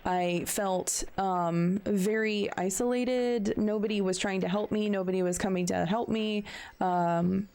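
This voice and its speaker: A woman in her thirties talking candidly in casual chat, questioning herself and halting with fillers. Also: medium pitch, fairly even intonation, darkish tone. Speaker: stream co-host.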